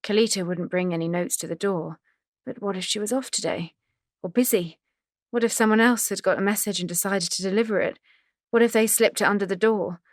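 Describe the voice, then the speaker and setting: A woman's voice: mid-range voice, fairly quick, no room sound, studio quality. A woman reading a novel aloud in wry, conversational narration. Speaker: audiobook narrator. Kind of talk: scripted narration.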